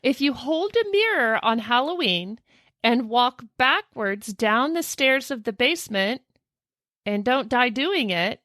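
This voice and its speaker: A woman's voice: a little high, a little slow, dry recording, studio quality. A woman co-hosting a podcast, telling spooky history in a casual, jokey way with frequent laughter. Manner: animated, laughs often, jokey asides. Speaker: podcast co-host. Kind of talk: casual storytelling chat.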